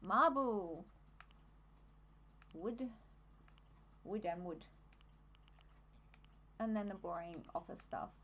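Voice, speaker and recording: A woman's voice: lowish voice, animated, very slow, long pauses, a bit bright, dull audio, slight background noise. A young adult woman with an Australian accent, chatting casually on a live stream while decorating in a game, easily distracted and laughing often.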